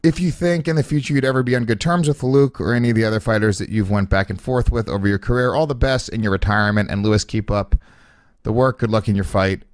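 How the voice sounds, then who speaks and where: A man's voice: lowish voice, fast, no room sound. Man, podcast co-host, teasing, reads questions, dry sound. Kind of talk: casual podcast chat.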